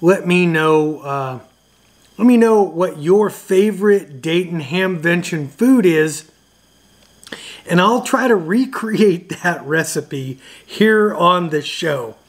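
Slow, chatty man hosting a radio show. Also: high-pitched, lively intonation. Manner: loose and chatty, with frequent uhs. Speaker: ham radio video host. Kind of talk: casual chat to camera.

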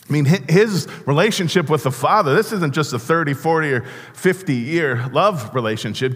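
A man preaching a sermon as pastor, earnest and halting, often restarting his words. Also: on the high side, fairly bright tone, slightly rough. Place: church sanctuary. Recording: long church reverb.

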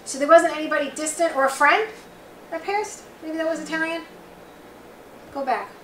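A high, bright-voiced woman with a Long Island accent, talking in a chatty, rambling way as she reads for someone in a group. She sounds set back from the mic in a roomy bookstore space with faint noise behind her. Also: normal speed, far from the mic. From Long Island, New York. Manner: chatty, rambling, relays messages in quotes. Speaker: psychic reader. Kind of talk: live psychic reading for an audience. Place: bookstore event room, small group.

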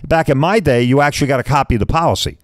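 A man's voice: medium pitch, rapid-fire, dry recording. A man in his fifties, a podcast host, talking casually and bluntly, rambling and mild swearing, often asking "right?". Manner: chatty, keeps asking "right?".

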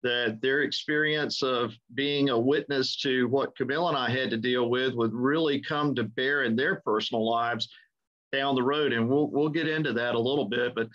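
A man's voice: medium pitch, steady tone, moderate pace. A middle-aged man hosting an interview, telling stories in an easygoing way and chuckling as he recalls old pranks. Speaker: podcast host. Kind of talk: conversational interview. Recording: dull lo-fi audio.

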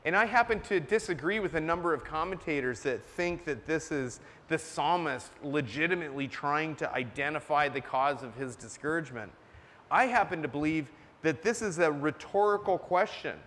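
A man's voice: on the high side, lively intonation, normal speed, a bit bright. A man preaching a sermon in a church, earnest and emphatic, stopping to cough now and then. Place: church sanctuary. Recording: long church reverb.

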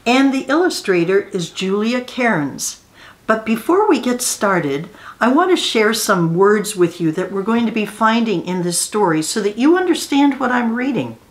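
Woman reading a storybook to kids. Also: mid-range voice. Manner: gentle, explains words and asks children questions. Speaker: children's storyteller. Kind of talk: reading a picture book aloud to children.

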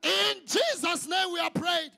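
Man, prayer leader, very high pitch, heavy gravel, shouted chanting prayer. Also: unhurried, faint music behind. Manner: fervent, chanting repeated calls to the Lord; drops to quieter exhortation between prayers.

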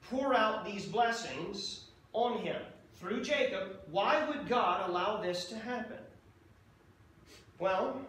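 High, bright-voiced preacher in an echoey church. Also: male voice, far from the mic, a little hiss or hum. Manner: conversational preaching with frequent "okay?" checks. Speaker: pastor. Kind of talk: sermon. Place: church sanctuary.

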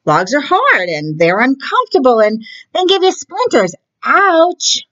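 Woman doing a whiny squeaky little frog. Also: sing-song, a little slow, a bit bright, muffled recording, full character voice. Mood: fussy. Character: fussy complaining little frog.

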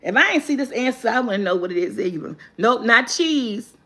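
A woman hosting a live guessing game, reading clues slowly and cheering loudly when viewers answer right. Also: a little high, lively intonation. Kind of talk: casual live-stream chat.

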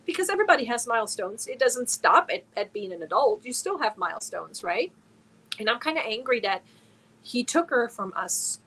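A woman's voice: a little high, very animated, moderate pace, a bit bright, slightly rough, low-quality recording. A woman from Germany hosting a casual crochet livestream, talking earnestly and emotionally while reading viewer comments aloud. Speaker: crochet channel host.

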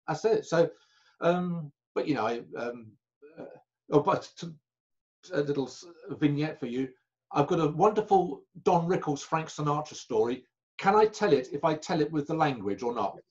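A man telling anecdotes as an interview guest. He talks in a halting way and corrects himself often, over a video call. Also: fairly high pitch, animated, darkish tone, muffled recording. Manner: chatty raconteur, halting and self-correcting. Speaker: magician guest.

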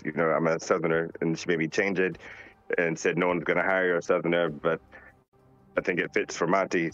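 A man from North Carolina, a voice actor reading out fan questions and answering them in a relaxed, joking way. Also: low voice. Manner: laid-back, joking, reads questions aloud. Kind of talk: casual live Q&A. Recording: dull lo-fi sound with faint music behind. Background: faint music.

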